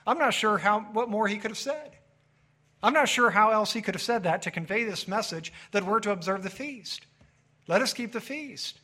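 A man preaching a sermon with a fairly high, bright voice. He talks emphatically, swelling to loud points and dropping low again, like a pastor before his congregation. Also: a little fast.

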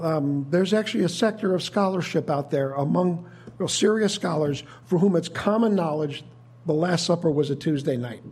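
A man preaching a sermon in a measured, thoughtful teaching manner, often restarting his sentences. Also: high-pitched, warm tone, husky.

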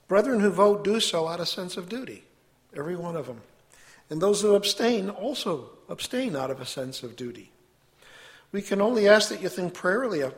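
A man giving an earnest, measured sermon to a congregation and reading scripture aloud. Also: on the high side. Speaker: preacher.

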